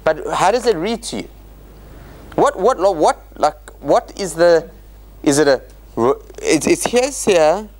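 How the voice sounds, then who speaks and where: Male rabbi lecturer, slightly high voice, very animated pitch, quizzes the class. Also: a little slow. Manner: animated, questioning the class and acting out quotes. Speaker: rabbi teaching a Bible study class.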